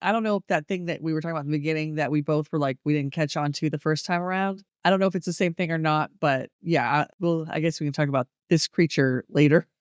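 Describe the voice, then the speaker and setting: A man's voice: a little high, steady tone, quick pace, hardly any pauses, clean tone, dry recording, studio quality. A man co-hosting a podcast, chiming in with short agreements and laughing asides about a movie. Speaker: podcast co-host. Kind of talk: casual movie chat.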